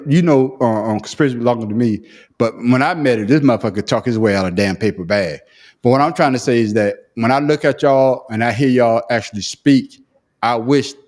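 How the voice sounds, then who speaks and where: This is a man with a country Southern accent talking on a casual podcast. He is profane and animated, and he laughs at his own expense. His voice sits at a plain middle pitch. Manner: profane, animated, self-mocking, laughs often. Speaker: podcast co-host. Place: remote call.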